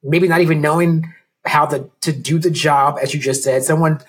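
A man's voice: fairly high pitch, steady tone, normal speed, breathy edge. A man hosting an interview show, chatting casually, acting out quotes and laughing easily. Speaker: show host.

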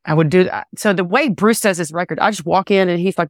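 A woman singer-songwriter talking casually in an interview, relaxed and rambling with many fillers and restarts. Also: lowish voice, fairly quick, dry recording, studio quality. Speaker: country singer-songwriter guest.

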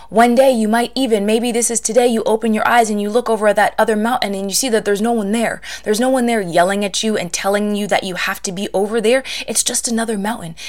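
A woman podcast host giving an impassioned spoken-word monologue, slow and deliberate, swearing freely, with hushed dips. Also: mid-range voice.

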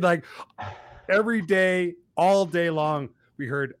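Animated, profane male storyteller. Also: on the high side, normal speed, dry recording. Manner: animated, profane, acts out quotes loudly. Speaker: co-host. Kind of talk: casual storytelling chat.

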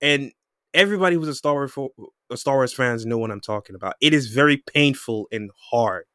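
A man's voice: medium pitch, brisk, bright, forceful tone, smooth, no echo, clean studio sound. A man co-hosting a casual podcast chat, speaking emphatically. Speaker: podcast co-host.

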